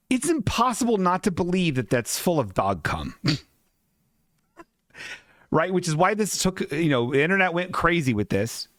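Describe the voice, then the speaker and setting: A man's voice: fairly high pitch, a bit bright, no room sound, clean studio sound. A man hosting a comedy podcast, rambling, profane and laughing often as he describes comic strips. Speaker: podcast host.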